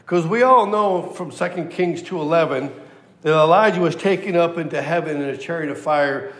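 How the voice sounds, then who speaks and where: A man's voice: a little high, moderate pace, roomy sound, long reverb tail. A male preacher giving a conversational, emphatic verse-by-verse sermon. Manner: conversational and emphatic, acts out quotes. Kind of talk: sermon, verse-by-verse Bible teaching.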